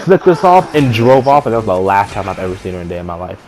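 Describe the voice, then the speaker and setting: A man's voice: fairly low pitch, sing-song, very fast, darkish tone. A young man, a gaming streamer, casually telling a story to camera, rambling, restarting his sentences and swearing offhandedly.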